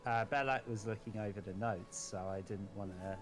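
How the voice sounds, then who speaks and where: A man playing a tabletop game, talking hesitantly with many pauses and fillers. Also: fairly low pitch. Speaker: player.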